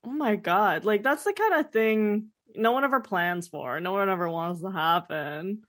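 A woman's voice: mid-range voice, lively intonation, moderate pace. A woman co-hosting a casual podcast, reacting to a story with supportive exclamations. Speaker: podcast co-host.

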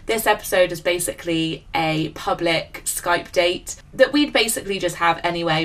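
A woman's voice: lowish voice, sharp tone. A young adult British woman hosting a podcast in casual chat, gushing and enthusiastic. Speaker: podcast host.

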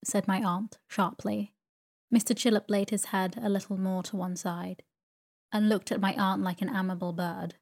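Woman narrator, sleep story reading, calm, slow, soothing. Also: medium pitch, gravelly.

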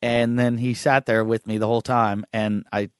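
A man's voice: medium pitch, flat delivery, moderate pace, clean tone, no room sound. A man spins comic anecdotes on a podcast, jumping into other people's voices as he goes and swearing freely. His delivery is loose and chatty. The booth sounds dry, with no room around his voice. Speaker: comedian guest. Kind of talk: casual podcast chat, storytelling.

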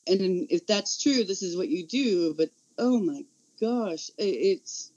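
An earnest man speaks with passion in a slightly high voice, stopping and restarting as he talks. He is an advocate in casual conversation, and the sound is dull and lo-fi. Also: expressive, darkish tone. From Central California. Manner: earnest, impassioned, halting. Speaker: autistic advocate.

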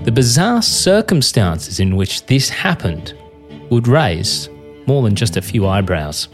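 Male podcast narrator over soft guitar. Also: medium pitch, sing-song, slow pace. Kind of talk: scripted narration. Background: soft guitar music.

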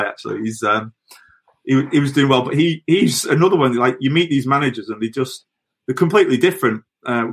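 A man's voice: medium pitch, fairly bright tone. Man, middle-aged, former footballer, podcast guest, chatty, laughs through anecdotes. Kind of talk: casual anecdote telling.

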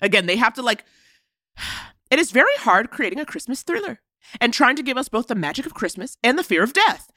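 A woman co-hosting a podcast, recapping a movie in a sarcastic, animated way and laughing often. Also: on the high side, brisk, no room sound, studio quality. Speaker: podcast co-host.

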